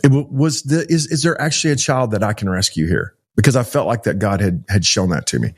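A man's voice: on the low side, quick pace, breathy edge. A middle-aged man from Texas, telling stories in an interview and acting out the dialogue. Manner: animated storyteller, acts out quoted dialogue. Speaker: child rescue organization founder. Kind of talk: storytelling in an interview.

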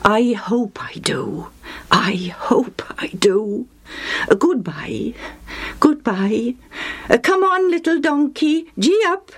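A woman voicing an excitable, anxious man from a distant town, high and breathy, in a storybook reading. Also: slow, exaggerated voice. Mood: hushed.

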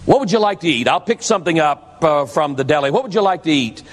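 A man's voice: a little high, lively intonation, fast. A man voicing a worried middle-aged father who coaxes and calls out to his son. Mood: coaxing. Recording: long hall reverb.

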